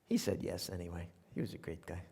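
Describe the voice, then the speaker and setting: A radio commentator, an older man with a New York accent, performs humorous essay stories on stage to a live audience, wry and conversational with animated asides. His voice sits low, gravelly and slightly rough, at a quick pace, and the live theater recording has long reverb.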